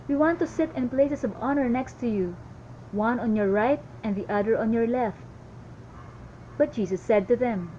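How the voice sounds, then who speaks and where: A woman reading a daily Bible passage aloud in a steady devotional style, with small slips and restarts. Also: fairly high pitch, muffled recording, a little hiss or hum. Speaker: Bible reader.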